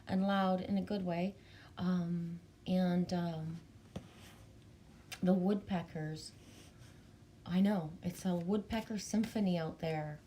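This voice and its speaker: A chatty Canadian woman hosting a relaxed livestream, bubbly and loose, greeting her viewers one by one. Her pitch sits in an ordinary middle range, and faint background noise hums beneath her voice. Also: slow. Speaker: livestream host reading chat. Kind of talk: casual live chat.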